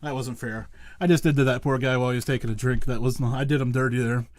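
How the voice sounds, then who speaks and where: A man's voice: mid-range voice, fairly even intonation, quick pace, no echo. A man hosting a podcast, chatting casually with his guest and joking at his own expense. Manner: laughs easily, self-deprecating. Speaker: podcast host. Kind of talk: casual interview chat.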